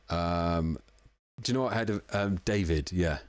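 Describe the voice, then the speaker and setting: A man's voice: sits low, a little slow, smooth, dry recording. A man hosting a casual live music-making stream from home, chatty and self-deprecating, a little tipsy. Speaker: livestream music producer host. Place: home room in the evening.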